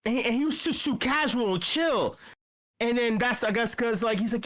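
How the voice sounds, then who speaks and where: A man telling a rambling bar story in a casual chat, swearing often, stumbling over restarts and acting out what people said. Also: normal speed. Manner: animated, profane, many restarts and fillers; acts out quoted speech with big pitch jumps. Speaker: meetup regular telling a story.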